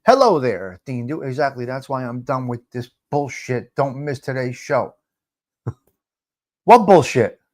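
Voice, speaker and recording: A man's voice: medium pitch, big pitch swings, unhurried, darkish tone. A middle-aged man hosting a casual live chat, teasing viewers, repeating himself and dropping Italian phrases. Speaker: livestream host.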